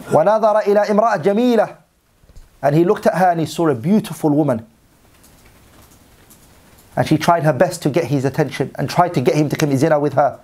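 A man's voice: fairly high pitch, fast, long pauses, a little mellow. A man teaching a religious story as a sermon, reading Arabic passages and then translating and repeating them in English. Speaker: Islamic teacher.

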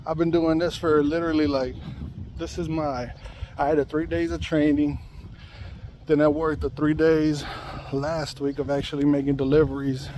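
A worn-out man rants into his phone from inside a delivery van, short of breath and cursing. His voice stays flat and monotone even as he complains. The hum of the vehicle runs steadily behind him. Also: a little high, normal speed. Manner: frustrated, ranting, swearing, repeats himself. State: out of breath and sweaty. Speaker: delivery driver. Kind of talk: venting to camera.

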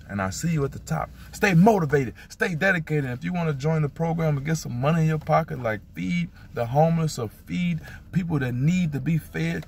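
A man hypes up his viewers with repeated affirmations while filming himself outdoors by a street. His voice sits slightly high and the handheld phone picks up the open air around him. He swings easily into excited running commentary. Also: gravelly, a little hiss or hum. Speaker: motivational vlogger. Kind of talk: upbeat motivational vlog.

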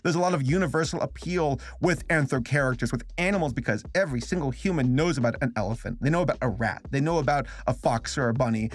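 A man's voice: medium pitch, quick pace, few pauses. American male reviewer, casual rambling commentary, mid-range voice. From United States. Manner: loose, joking, rambling with fillers. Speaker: online film reviewer.

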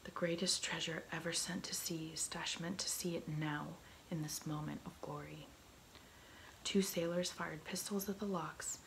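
Gravelly whispering woman reading a story. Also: deep voice, steady tone, poor audio. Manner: soft, slow whispered storytelling. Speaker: ASMR reader. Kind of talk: whispered role-play. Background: faint heater hum.

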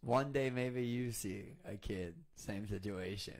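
A man's voice: lowish voice, a little slow. A man hosting a podcast in casual chat, blunt and profane but sympathetic.

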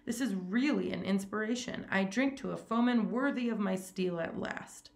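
A woman voicing a suave, menacing aristocratic male hunter with genteel, mocking courtesy, raised a little above her low, gravelly reading voice. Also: moderate pace, natural voice.

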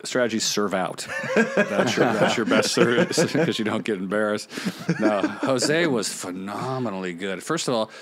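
A middle-aged man, a podcast guest, telling lively stories in casual talk, laughing often and acting out other people's lines. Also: fairly low pitch, moderate pace. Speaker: podcast guest, former pro beach volleyball player. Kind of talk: casual storytelling.

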